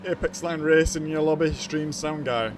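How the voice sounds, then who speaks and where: A very tired man giving casual commentary while he livestreams a racing game, low-key, trailing off and groaning between remarks. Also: steady tone, normal speed, background noise. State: very tired, yawning. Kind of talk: casual live-stream commentary.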